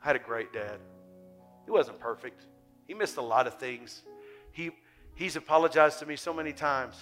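An older man preaching a sermon, moving from quiet reflection to loud, impassioned urging. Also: medium pitch, normal speed, soft background music. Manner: impassioned, swings from soft to loud. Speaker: pastor.

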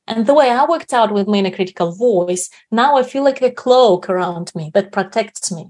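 A woman's voice: medium pitch, a little fast, few pauses, a little mellow. Woman on a podcast walking through a self-help practice, thoughtful, keeps saying right?. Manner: reflective, often adds 'right?' tag questions. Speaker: podcast guest.

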